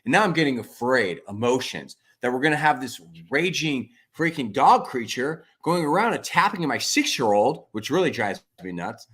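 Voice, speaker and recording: Speaking at a moderate pace with hardly any pauses, this man has a medium-pitched, somewhat rough voice. He's a family coach in his forties guesting on a podcast, and his casual interview answers ramble animatedly, packed with "like" and "freaking."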